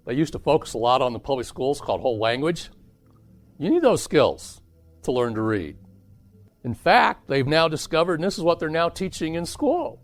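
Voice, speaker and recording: A man teaching a parenting seminar to a live audience, keeping it lively by asking the listeners questions. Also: fairly high pitch. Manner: animated, asks the audience questions.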